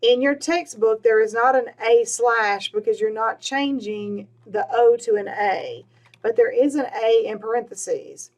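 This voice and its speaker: A woman, teaching a recorded Spanish grammar lesson, patiently repeating words slowly with "all right" and "um" between points. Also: on the high side, darkish tone.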